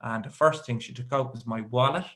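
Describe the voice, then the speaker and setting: Young Irish male stand-up, mid-pitched, rambling and self-deprecating, deadpan asides. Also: a little fast. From Ireland. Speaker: stand-up comedian. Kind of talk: stand-up storytelling. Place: live comedy show with audience.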